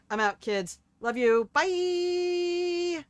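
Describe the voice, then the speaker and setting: A woman's voice: on the low side, normal speed, clear, resonant tone, no echo. An older woman signing off a game livestream, chatty and affectionate with a self-deprecating streak. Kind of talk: casual livestream sign-off. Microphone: streaming desk microphone.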